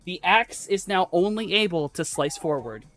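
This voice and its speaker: A woman running a tabletop game as game master, narrating the action in a loose, profane way with many pauses. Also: on the low side, animated, fairly bright tone, faint music behind. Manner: loose and profane, halting with fillers.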